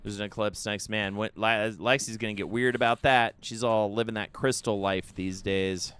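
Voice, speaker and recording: A man streaming a game live, talking through it with animated, self-mocking banter. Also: on the low side, moderate pace, clear, resonant tone. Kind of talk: live gameplay commentary.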